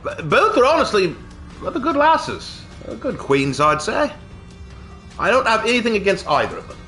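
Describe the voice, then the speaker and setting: A man streams a game while hamming up a put-on British accent and chuckling at his own jokes. His voice sits high and swoops widely between phrases. The sound is bright, with faint game music behind him. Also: big pitch swings, normal speed. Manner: chuckles often, jokey tags. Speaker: gaming streamer. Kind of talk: casual gameplay commentary.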